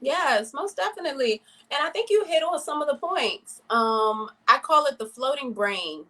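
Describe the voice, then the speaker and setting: A woman guest on a video call, explaining yoga ideas in a steady conversational way, walking through everyday routines as examples. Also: sits high, moderate pace. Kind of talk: casual explanation.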